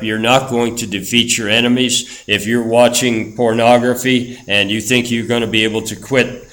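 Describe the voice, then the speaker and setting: A man's voice: medium pitch, flat delivery, moderate pace, fairly bright tone, low-quality recording. A middle-aged man preaching a sermon as a pastor, fervent and emphatic, driving points home with repetition.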